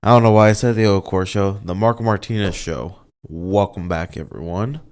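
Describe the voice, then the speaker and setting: Lowish guy rambling solo on his show, kinda emotional, swears, loses his words. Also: a little fast. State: a little emotional, voice slightly off. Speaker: podcast host. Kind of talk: casual solo monologue.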